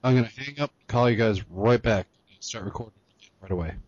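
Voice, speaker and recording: A man's voice: fairly low pitch, brisk, a little mellow, dry recording. A man hosting a casual, boozy podcast over a call, easygoing and swearing, setting up the call himself. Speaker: podcast host. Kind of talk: casual drunken chat. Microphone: computer mic on a call. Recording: dry, dull lo-fi call audio.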